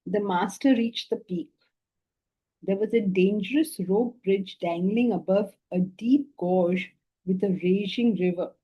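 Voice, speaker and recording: Woman teacher giving an animated lecture. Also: lowish voice, husky, lo-fi sound. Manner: animated, with rhetorical questions and repeated words. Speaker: spiritual teacher. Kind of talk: philosophy lecture with storytelling.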